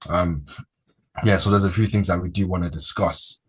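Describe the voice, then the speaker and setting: Man, very low voice, husky, casual wrestling talk. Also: moderate pace. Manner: relaxed, rambling, slangy. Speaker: podcast host.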